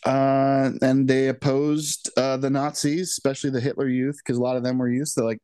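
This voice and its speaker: A man's voice: medium pitch, level tone, moderate pace, hardly any pauses, warm tone, smooth, no room sound. A man co-hosting a film podcast, chatting casually in a rambling, wry way with lots of restarts. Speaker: podcast co-host. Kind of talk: casual chat.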